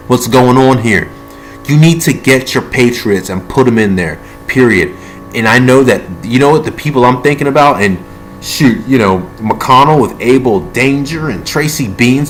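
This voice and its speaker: A man's voice: mid-range voice, a bit bright. A man from the United States delivering a heated, rambling political monologue. He repeats himself, restarts sentences, swears now and then, and speaks from among his tools. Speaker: political video blogger.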